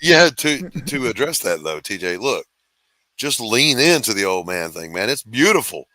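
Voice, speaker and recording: A man's voice: medium pitch, very animated, normal speed, sharp tone. A middle-aged man hosting a casual live stream, telling laid-back stories and laughing often. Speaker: host.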